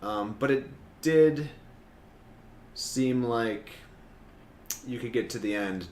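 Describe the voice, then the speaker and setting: A man's voice: mid-range voice, slow. A man co-hosting a podcast, chatting casually and animatedly about games and laughing often. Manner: animated storyteller who laughs and puts on silly voices. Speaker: podcast co-host. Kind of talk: casual chat. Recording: roomy echo with faint ambient noise.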